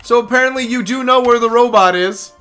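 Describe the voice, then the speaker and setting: Hoarse streamer with bright tone. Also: medium pitch, faint music behind. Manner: rambling, self-mocking, quick asides. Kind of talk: casual game livestream talk.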